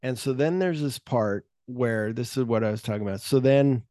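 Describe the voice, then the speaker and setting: A man hosting a casual movie podcast, retelling film scenes and slipping into quick offhand impressions of the characters. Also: medium pitch, mellow, no room sound, studio quality. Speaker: podcast host.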